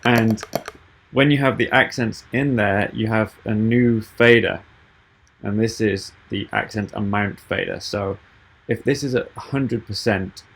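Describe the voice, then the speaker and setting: A man giving a software tutorial over a video call, explaining each step patiently. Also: on the low side, a little slow, vocal fry, slight background noise. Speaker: app developer giving a tutorial.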